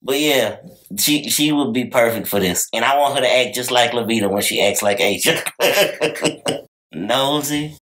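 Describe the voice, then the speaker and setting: A woman's voice: extremely low pitch, measured pace, fairly bright tone. A woman co-hosting a podcast, chatting casually, rambling through restarts and laughing easily. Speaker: podcast co-host. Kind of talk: casual chat.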